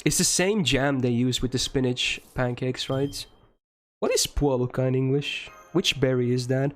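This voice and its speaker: A young male streamer talks casually to his viewers as he plays a game. His delivery is loose and rambling, and he swears freely. His voice sits at an ordinary middle pitch for a man. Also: normal speed, soft background music. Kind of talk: casual chat answering viewers while playing a game.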